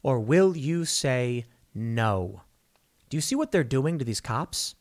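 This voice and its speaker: A podcast host delivers a heated, opinionated monologue, sarcastic and mocking in tone, and rushes through news text he reads aloud. His medium-pitched voice is animated.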